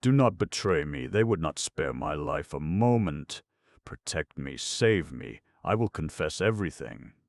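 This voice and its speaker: A man's voice: rumbling low, big pitch swings, measured pace, creaky, dry recording, clean studio sound, full character voice. A man voicing a young male rebel spy who answers humbly and begs for mercy. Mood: terrified.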